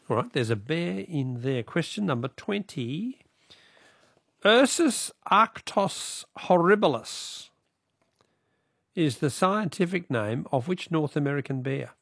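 A man's voice: fairly high pitch, lively intonation, moderate pace, vocal fry, breathy edge, dry recording, studio quality. A man with an Australian accent hosting a radio call-in quiz, chatting with callers and reading out the questions. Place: radio studio.

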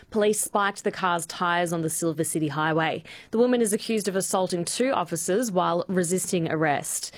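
A woman with an Australian accent reading a local radio news bulletin in a measured, formal way. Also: on the low side, dry recording. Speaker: newsreader.

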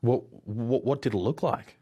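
A man's voice: medium pitch, normal speed, mellow, husky. A man interviewing a farmer, asking questions in a stumbling, stop-start way. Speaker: radio interviewer.

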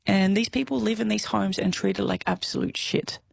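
A woman's voice: mid-range voice, fairly quick, vocal fry, breathy edge. A woman in her thirties with an Australian accent, an interview guest talking frankly and emotionally, laughing often and swearing casually. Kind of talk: candid conversational interview.

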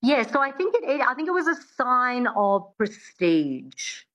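A woman's voice: fairly high pitch, sing-song, measured pace, fairly bright tone, rough recording. A woman accent coach, chatty and explanatory, talking in a radio interview. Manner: chatty, explanatory, fond of filler words.

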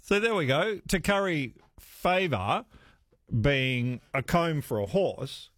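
Chatty radio host with a lively voice. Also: male voice, a little high, slow pace, no echo, clean studio sound. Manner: chatty, musing aloud, questions to listeners. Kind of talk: casual talkback radio chat. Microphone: studio microphone.

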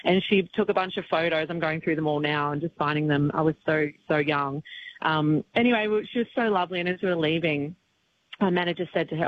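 A woman's voice: low voice, fast, dull audio, slight background noise. A woman country singer talking as an interview guest, grieving but chatty, with many restarts and fillers. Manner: tearful yet chatty, many restarts and fillers, laughs often. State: upset, grieving. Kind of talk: emotional casual chat.

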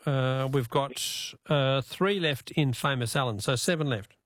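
A man with an Australian accent hosting a talkback radio quiz, jovial and quick to laugh. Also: medium pitch, fairly bright tone, slight background noise.

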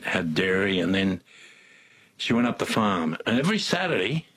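A man's voice: low voice, big pitch swings, moderate pace, fairly bright tone, slight background noise. An older man with an Australian accent, telling rambling, folksy stories as an interview guest. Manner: rambling, folksy, with many restarts. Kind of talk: casual storytelling.

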